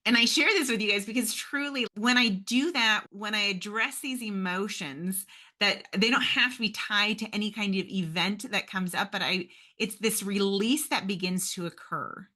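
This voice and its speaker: A woman's voice: mid-range voice, normal speed, bright, forceful tone. A woman hosting a podcast, giving an earnest, encouraging faith-based motivational talk straight to her listeners. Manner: earnest, encouraging, addresses listeners as you guys. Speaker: podcast host.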